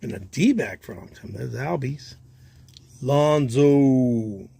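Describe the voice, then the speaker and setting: A livestream host and card collector chats casually while sorting cards, talking to himself in a relaxed, chatty way. His gravelly, medium-pitched voice comes slowly and with no echo, and he sounds tired, yawning as he goes.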